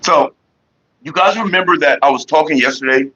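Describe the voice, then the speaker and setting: A man's voice: on the high side, brisk, sharp tone, husky. A man hosting a casual livestream, telling loose stories and greeting viewers in the chat. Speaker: livestream host. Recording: dull lo-fi stream audio.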